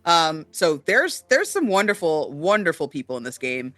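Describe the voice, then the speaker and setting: A man co-hosting a casual chat, talking earnestly with many fillers as he gives shout-outs. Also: on the high side, big pitch swings, normal speed, dry recording. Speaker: co-host.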